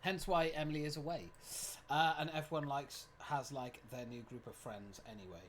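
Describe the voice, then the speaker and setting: A streamer in their twenties, giving lively gameplay commentary, reading game text aloud and swearing often. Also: mid-range voice, moderate pace, a little hiss or hum. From United Kingdom. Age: 20s.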